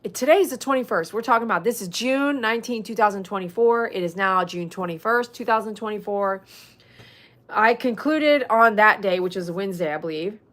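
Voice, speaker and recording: A woman hosting a casual livestream as a dog groomer, chatting with viewers and reading their comments aloud. She is animated and swings from loud mock outbursts to soft, earnest talk. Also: medium pitch, brisk. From Texas. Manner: chatty, reads out viewer comments, uses y'all.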